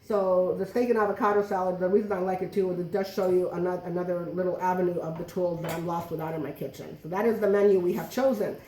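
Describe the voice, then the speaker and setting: A woman's voice: fairly low pitch, steady tone, fast talker, few pauses, dark tone, far from the mic, a little hiss or hum. A middle-aged woman giving a chatty, joking cooking demonstration to a small audience in a home kitchen. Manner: joking, self-deprecating, chatty. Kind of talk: live cooking demo patter. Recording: echoey room, voice from afar.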